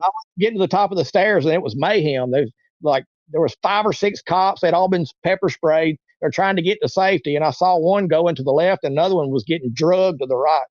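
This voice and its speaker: A man in his forties tells a long story in a loose, rambling way, with a voice a little higher than most men's. The sound is muffled and a bit lo-fi, and it is very dry with no room around it. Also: fairly quick, no echo. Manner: rambling, acts out quoted voices. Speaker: interview guest. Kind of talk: casual storytelling.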